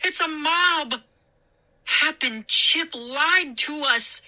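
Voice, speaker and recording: A woman voicing frightened storybook children who shout in panic. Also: high-pitched, lively intonation, a little slow, pitched above the performer's own voice, heavily acted. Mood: panicked. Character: frightened kids, narrator and friends.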